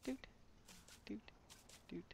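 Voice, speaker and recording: A woman's voice: extremely slow, dark tone. A woman streaming a horror game, commenting live and playfully taunting a monster, swearing freely.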